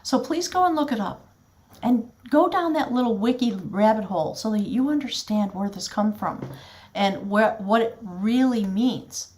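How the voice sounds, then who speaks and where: A woman's voice: on the high side, animated, moderate pace, darkish tone. A woman giving a spiritual tarot reading, speaking earnestly and directly to the viewer in a flowing, heartfelt way. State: choked up with emotion at times. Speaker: tarot reader.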